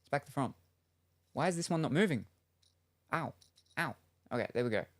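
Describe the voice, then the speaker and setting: A man's voice: medium pitch, expressive, normal speed, dry recording. A young man live-streaming from home, chatting casually and playfully, reading out viewer names and messages with many fillers. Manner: rambling, playful, reads chat messages aloud.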